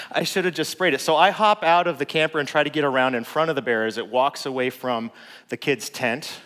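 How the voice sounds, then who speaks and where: A man, a father, telling a personal story in a relaxed, conversational way with lots of filler words. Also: medium pitch. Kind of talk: casual storytelling. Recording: long reverb.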